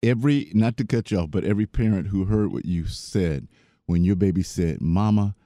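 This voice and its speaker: A man's voice: low voice, brisk, no room sound, studio quality. A man hosting an interview, mostly giving short affirmations while his guest talks. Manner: brief affirmations and warm interjections. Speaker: podcast host. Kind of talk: casual interview.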